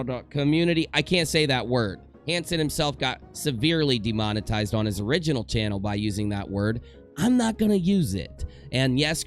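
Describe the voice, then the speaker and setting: A young man giving a casual commentary rant from home in front of a green screen, joking and rambling with self-mocking asides. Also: mid-range voice. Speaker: commentary YouTuber.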